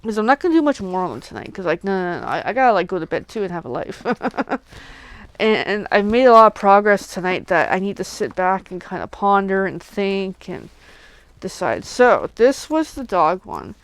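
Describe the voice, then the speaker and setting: A woman crafter chatting casually while making cards, gushing with excitement and slipping into whispers over cute things. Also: mid-range voice, moderate pace, no echo. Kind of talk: casual crafting livestream chat.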